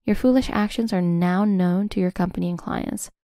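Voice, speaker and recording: A woman in scripted first-person narration of a revenge story, smug and measured. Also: fairly low pitch, warm tone, no room sound, studio quality.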